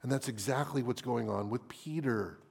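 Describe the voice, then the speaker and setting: A man preaching a sermon dramatically, at times dropping into a hushed whisper for emphasis. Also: medium pitch, moderate pace, vocal fry, husky.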